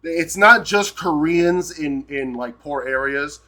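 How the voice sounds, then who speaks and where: Profane ranting male streamer, higher voice. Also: takes it slowly, bright, forceful tone. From United States. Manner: profane, repeats "right?" constantly, heated. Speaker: live streamer. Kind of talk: heated live-stream rant.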